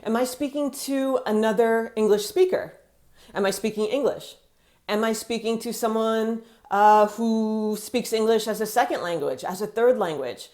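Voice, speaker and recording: An American woman living in France, talking casually to camera and acting out quotes in a chatty, animated way. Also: fairly high pitch, moderate pace. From United States.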